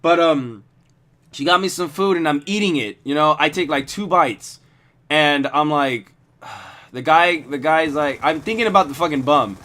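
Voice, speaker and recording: A man's voice: on the high side, a little slow, sharp tone. A man telling a story casually over gameplay, rambling and swearing a lot. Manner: rambling, heavily profane. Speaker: gaming video host.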